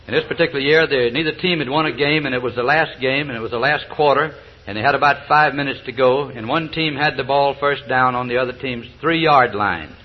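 At a recovery meeting, an older South Georgia man tells his testimony in a folksy, joking way, chuckling and hesitating with fillers. His voice is mid-range and brisk, and the old lo-fi recording sounds dull.

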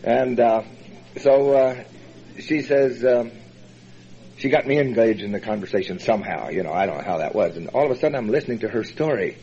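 A man telling his personal recovery story as a meeting speaker, in a folksy, halting way with many fillers and chuckles. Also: mid-range voice, dark tone. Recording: dull lo-fi recording.

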